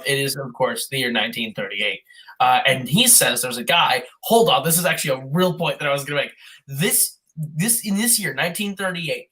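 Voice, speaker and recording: A podcast co-host recapping an old film in a rambling, profane, excitable way, sometimes doing quick mock voices. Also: mid-range voice. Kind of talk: casual comedic chat.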